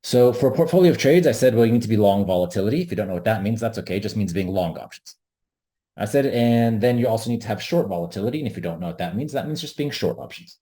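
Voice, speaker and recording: A man with a fairly low, mellow voice presents an online trading webinar. He talks earnestly, leans on his key points and repeats them for emphasis, as if speaking into a close desk mic. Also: lively intonation, fast talker. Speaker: webinar host, options trader.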